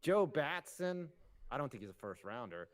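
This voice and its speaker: A man's voice: medium pitch, very animated, normal speed. Male stream host, casual, jokey, reads donations. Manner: loose and jokey, laughing between reads. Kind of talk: casual livestream chat, reading donations aloud.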